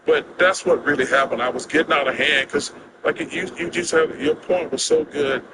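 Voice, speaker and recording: A man in his sixties, a guest telling casual stories in an animated, drawling way with quick laughs, recorded outdoors. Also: fairly high pitch, heavy background noise. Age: 60s. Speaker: interview guest. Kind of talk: casual storytelling chat.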